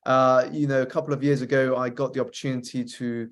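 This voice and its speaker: A man, a coach and author, telling his life story as an interview guest in a measured, reflective way, listing items and pausing on frequent uh's. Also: mid-range voice, level tone.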